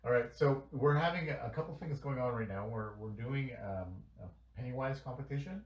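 An upbeat man hosts a casual podcast and keeps the talk moving. His voice sits at an ordinary male pitch. His voice rings in a roomy space. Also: brisk, far from the mic. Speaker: podcast host taking calls. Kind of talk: casual chat.

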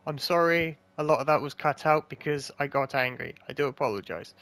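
A man's voice: a little high, fairly quick, hardly any pauses, a bit bright. A man hosting a gaming channel, swearing a lot and ranting angrily as he plays. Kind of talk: gameplay commentary.

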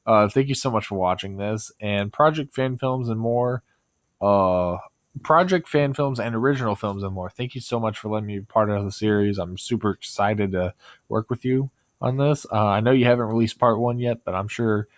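Rambling man with a low dry voice. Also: normal speed, dry recording. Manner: rambling, self-deprecating, many fillers. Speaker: video creator. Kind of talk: casual vlog talk.

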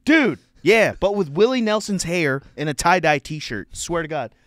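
A young male comedian and podcast host telling a story loudly, with profanity and laughter. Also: fairly high pitch, lively intonation, normal speed, no echo, clean studio sound.

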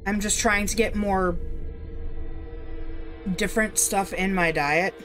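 A woman's voice: mid-range voice, takes it slowly, a bit bright, soft background music. Chatty woman streaming a game. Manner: chatty, rambling, blunt, swears offhand. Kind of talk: casual live-stream chat.

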